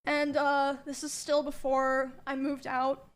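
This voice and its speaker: High, even-toned young woman recounting. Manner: soft, hesitant, many pauses and ums. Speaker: streamer telling her story. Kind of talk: personal confessional narration.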